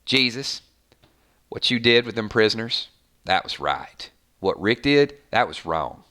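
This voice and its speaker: A man imitating a Southern woman survivor, slow and preachy, with a heavy Southern drawl. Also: lowish voice, sing-song, pushed and bright, voice pushed down, exaggerated voice. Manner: slow, drawn-out, moralizing.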